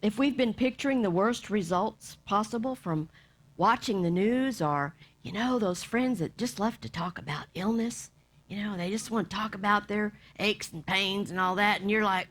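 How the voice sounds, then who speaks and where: A woman minister giving a sermon, lively, acting out bits of the story and dropping to soft near-whispers for emphasis. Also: medium pitch, normal speed. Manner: animated, acts out voices, drops to soft near-whispers.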